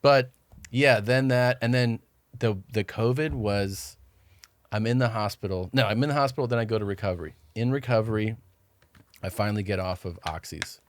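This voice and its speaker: A man's voice: on the low side, normal speed. A man guesting on a podcast, telling rambling stories in casual chat and acting out what others said to him.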